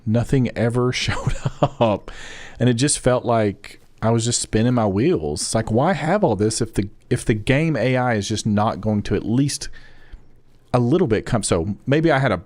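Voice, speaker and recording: A man's voice: mid-range voice, lively intonation, moderate pace, a little mellow, dry recording. A young adult man talking casually with viewers while streaming a game, rambling and chatty. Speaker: gaming streamer. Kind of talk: casual live-stream chat.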